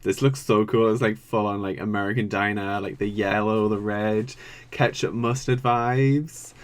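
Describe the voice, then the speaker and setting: A man's voice: fairly low pitch, fairly even intonation, normal speed. A young man from the UK chatting casually as he reacts to a reality show, swearing often and groaning or squealing at what he sees. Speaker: reaction video creator.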